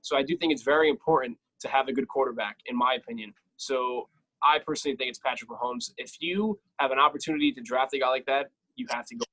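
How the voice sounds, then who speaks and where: A man's voice: medium pitch, fast, a bit bright, rough recording. A man co-hosting a casual sports podcast, talking with enthusiasm and repeating his points for emphasis. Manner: enthusiastic, repetitive phrasing. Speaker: podcast co-host.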